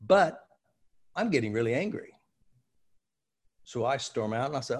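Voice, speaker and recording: A middle-aged man with a husky, slightly breathy voice at an ordinary pitch. He talks as a seminar trainer, explaining through animated anecdotes peppered with casual fillers. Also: moderate pace. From United States. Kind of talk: conversational storytelling explanation.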